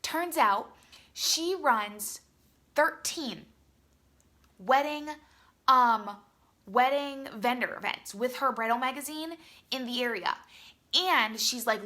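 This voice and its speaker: A woman's voice: on the high side, expressive, slow pace, long pauses, bright, forceful tone. A young woman chatting effusively to her team on a live video, full of "like" and "you guys". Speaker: beauty product distributor.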